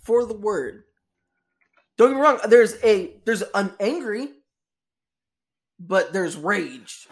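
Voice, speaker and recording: A man's voice: high-pitched, expressive, takes it slowly, pauses often, slightly rough. A man co-hosting a podcast, insisting on exact definitions in a casual argument. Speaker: podcast co-host. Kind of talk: casual chat.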